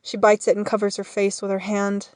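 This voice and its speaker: Brief: woman reading stage directions, mid-pitched, dry and close. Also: monotone, dry recording. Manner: measured, matter-of-fact. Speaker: narrator. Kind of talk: reading scene directions in an audio drama.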